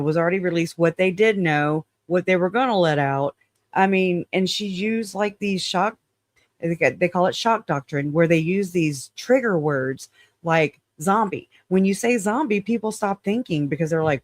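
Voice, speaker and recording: A man's voice: on the high side, no echo, studio quality. A man hosting his channel in casual livestream chat, frank and rambling, often laughing and hedging claims as alleged. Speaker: channel host.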